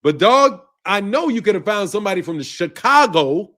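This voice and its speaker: A man hosting a commentary channel, ranting loudly and profanely and laughing often between lines. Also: sits high, big pitch swings, normal speed. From United States. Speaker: boxing commentary channel host.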